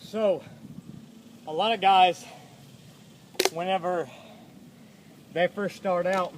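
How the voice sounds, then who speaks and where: A man's voice: sits high, steady tone, takes it slowly, background noise. A man coaching boxing combos, calling out punch numbers in plain talk while out of breath from throwing shots, recorded outdoors on a phone camera. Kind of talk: instructional demo of combos.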